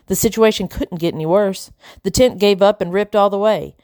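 A woman reading a children's novel aloud in a steady storytelling voice. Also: medium pitch, moderate pace, no room sound, clean studio sound. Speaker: audiobook narrator. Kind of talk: storybook narration.

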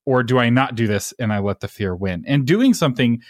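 A man's voice: mid-range voice, expressive, a little fast, no room sound, clean studio sound. A man explaining ideas in a casual faith conversation with a preacher-like manner, often checking in with "right?".

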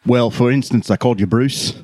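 A man's voice: mid-range voice, brisk, a little mellow, dry recording, lightly acted. A man voicing a small male doll-like robot with a put-on Australian accent, playful and laughing, in a dry close recording. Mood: jovial.

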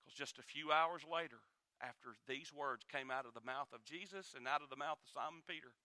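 Male pastor, high and bright, dramatic sermon delivery, dry mic. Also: a little fast, no echo. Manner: dramatic swings from loud to hushed. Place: church.

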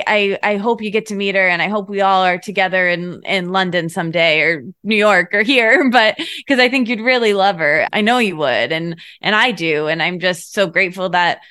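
A woman's voice: mid-range voice, a bit bright, dry recording, studio quality. A woman talking as a podcast guest in casual conversation, rambling and emotional, with lots of filler words.

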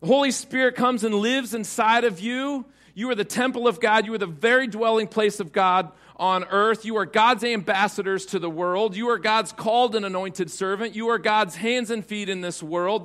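Brief: young male pastor, light high voice, chatty sermon delivery with acted-out dialogue. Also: normal speed, fairly bright tone. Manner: conversational preaching, acts out dialogue.

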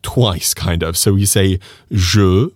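Man, low voice, animated podcast teacher, dry close sound. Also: dry recording. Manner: lively, animated, repeats phrases slowly for the listener. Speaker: French pronunciation teacher. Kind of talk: podcast pronunciation lesson.

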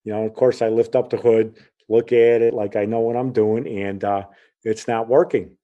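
A man's voice: lowish voice, moderate pace, narrow, tinny audio. A middle-aged man from Chicago telling a personal story in a casual way, acting out the voices of the people in it. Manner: animated, acts out the voices in his story.

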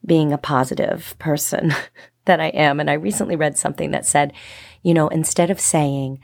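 A woman's voice: deep voice, steady tone, moderate pace, darkish tone, dry recording. A woman hosting her own lifestyle podcast solo, cheerful and encouraging, laughing often as she talks. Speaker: podcast host, lifestyle coach. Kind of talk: upbeat solo podcast monologue.

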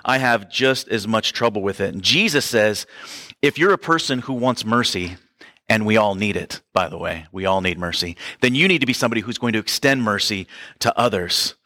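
A man's voice: on the low side, lively intonation, normal speed, pushed and bright, dry recording, clean studio sound. A man preaching a sermon as pastor, in a conversational way with asides to the congregation.

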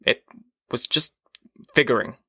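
A man voicing an uneasy, brooding fireman in an audiobook reading, hesitant and quiet. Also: a little slow, dry recording, clean studio sound.

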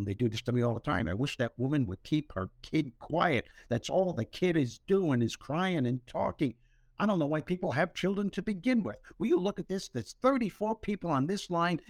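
A man's voice: a little high, expressive, brisk, no room sound. Man doing a fuming airline passenger muttering complaints. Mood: grumbling.

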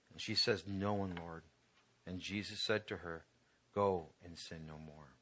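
A man's voice: on the low side, a bit bright, breathy edge. A man pastor preaching a conversational sermon to his congregation, building to emphatic peaks.

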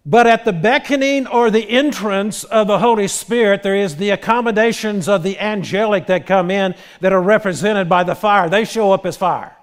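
A man preaching a sermon as pastor, animated, retelling scenes with quoted dialogue and frequent restarts. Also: sits high, moderate pace, hardly any pauses.

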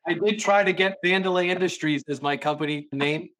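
Animated storytelling man from Boston. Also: high voice, brisk. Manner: animated storyteller who acts out quotes. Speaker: sales consultant and guest. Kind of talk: storytelling in a podcast interview.

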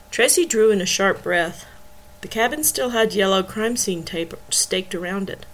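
A woman reading a novel aloud in steady storytelling narration. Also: mid-range voice, moderate pace, rough recording. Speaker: audiobook reader.

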